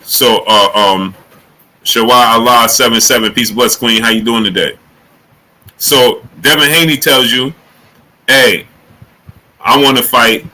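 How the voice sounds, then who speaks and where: A man hosting a casual boxing talk livestream, greeting chatters by name and jumping into high excited exclamations. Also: unhurried, pauses often, poor audio. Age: adult. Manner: animated, rising to high excited exclamations when joking. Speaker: livestream host.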